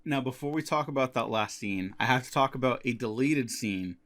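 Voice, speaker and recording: Guy on a movie podcast, mid pitch, laid back, retells scenes with glee. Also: brisk, crowd noise. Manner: relaxed, gleeful retelling of scenes. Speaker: podcast co-host. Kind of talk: casual film discussion.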